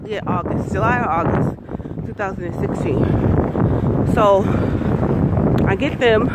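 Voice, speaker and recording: A woman's voice: medium pitch, very noisy. A woman in her forties from the United States, telling her custody story straight to camera in an emphatic, profane, aggrieved way. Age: 40s. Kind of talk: direct-to-camera personal testimony.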